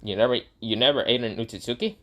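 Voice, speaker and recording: A man's voice: mid-range voice, quick pace, bright, forceful tone, highs cut off, close to an everyday voice. A man voicing a brash teen symbiote host. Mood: boastful. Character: cocky teen boy fused with a hungry alien symbiote.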